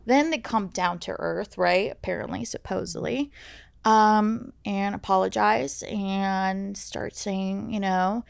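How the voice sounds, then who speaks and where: A young woman telling a painful personal story on a podcast, halting and full of fillers and restarts. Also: mid-range voice, vocal fry, dry recording. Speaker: guest sharing her story. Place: podcast studio.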